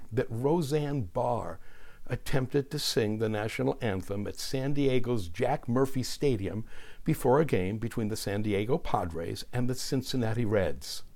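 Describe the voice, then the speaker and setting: A man giving scripted narration in a deliberate, wry manner with dry asides. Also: fairly low pitch, a little mellow.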